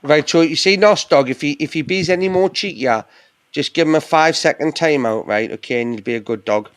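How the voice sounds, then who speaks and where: A man's voice: on the high side, brisk, no echo. A British man in casual live-stream banter on a video call, teasing, rambling and swearing freely. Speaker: panel guest.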